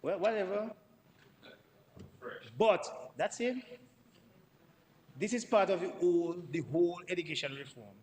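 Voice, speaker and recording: A man's voice: high voice, unhurried, pauses often, darkish tone, in a large hall, low-quality recording. A man giving a parliamentary debate speech, emphatic and repeating words for stress. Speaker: member of parliament. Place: parliament chamber.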